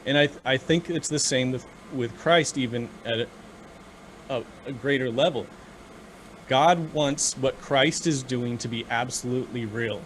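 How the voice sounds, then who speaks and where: Man, earnest, halting, faint background hiss, casual chat. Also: medium pitch, fairly bright tone. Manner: earnest, halting with many restarts. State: choked up with emotion. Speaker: podcast co-host. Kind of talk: casual theological discussion.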